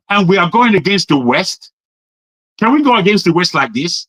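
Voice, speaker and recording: A man's voice: high voice, lively intonation, normal speed, a bit bright, dry recording, rough recording. A man from Nigeria ranting in a live online debate, exasperated, swearing and repeating himself for emphasis. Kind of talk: heated debate rant.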